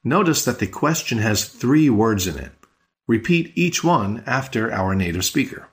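A man teaching a podcast language lesson, patient and explanatory, slowing down on key words. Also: medium pitch, sing-song, fairly bright tone.

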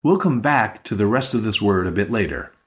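A man teaching a podcast language lesson, patient and explanatory, slowing down on key words. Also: lowish voice, animated.

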